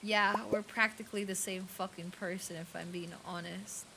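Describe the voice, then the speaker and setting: A woman's voice: mid-range voice, steady tone, normal speed, vocal fry, pushed and bright, slight background noise. A young woman with a light Filipino accent, chatting casually on a game stream, reading chat aloud and swearing freely.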